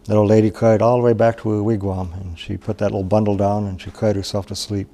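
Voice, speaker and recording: Male storyteller from Wisconsin, low gravelly voice, mellow, unhurried oral telling. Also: level tone. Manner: unhurried, plain-spoken, with pauses and restarts.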